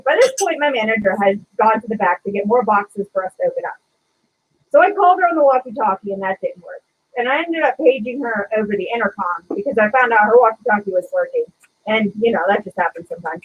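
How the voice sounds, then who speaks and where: A woman co-hosting a casual podcast, telling a sarcastic retail story in a lively, chatty way. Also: on the high side, fairly quick, slightly rough, lo-fi sound. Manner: animated, sarcastic retelling of a retail customer. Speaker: podcast co-host.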